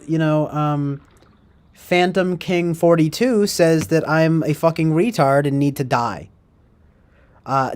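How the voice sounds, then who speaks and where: A man's voice: a little high, clear, resonant tone. Rambling jokey male streamer. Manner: rambling, jokey, reads out chat comments in mock voices. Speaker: livestream host. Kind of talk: casual livestream chat.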